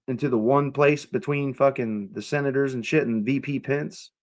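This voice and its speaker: A combative young man from the United States, talking to his live-stream chat in a loose, profane rant. His voice sits at an ordinary middle pitch, and he keeps jabbing back at commenters. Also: fairly even intonation, moderate pace.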